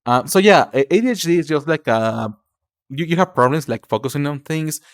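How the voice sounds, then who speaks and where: This young livestreamer, Spanish-accented, chats easily with his audience while stumbling over words and calling them cutie and darling. His voice is on the high side, animated, brisk and smooth, recorded cleanly in a studio without echo.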